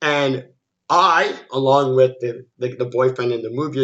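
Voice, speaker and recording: A man's voice: mid-range voice, unhurried, fairly bright tone, lo-fi sound. A man ranting through a movie review, exasperated and swearing, with many stammered restarts. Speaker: film reviewer.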